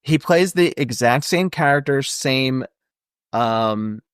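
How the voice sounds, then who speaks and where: A man co-hosting a podcast, chatting casually about a film in a relaxed way and calling his friend dude. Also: medium pitch, slow pace, smooth, dry recording, studio quality. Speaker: podcast co-host.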